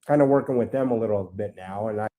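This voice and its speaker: A man's voice: lowish voice, fast talker, mellow. A man talking as a podcast guest, rambling and aggrieved, swearing freely. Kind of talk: ranting podcast talk.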